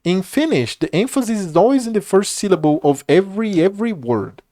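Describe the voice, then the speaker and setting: A man's voice: sits high, expressive, brisk, mellow. Casual male streamer, talks loose, laughs a lot, swears. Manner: rambling, laughs and swears often. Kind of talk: casual gameplay commentary.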